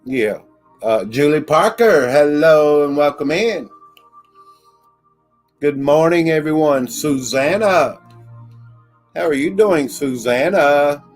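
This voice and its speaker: A man hosting a casual livestream, slowly greeting viewers and thanking chatters by name. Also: on the high side, soft background music. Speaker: livestream host.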